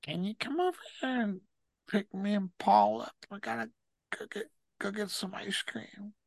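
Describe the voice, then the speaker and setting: A man's voice: sits high, big pitch swings, normal speed, gravelly, no room sound, heavily acted. A man quoting his drug-sick male friend, who asks him for favors in a mumbled, pleading way. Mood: wheedling.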